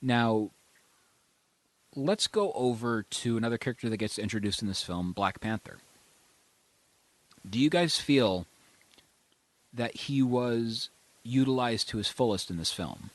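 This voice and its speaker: A man's voice: medium pitch, measured pace, pauses often, no echo. A man hosting a casual movie podcast, giving bold, enthusiastic opinions.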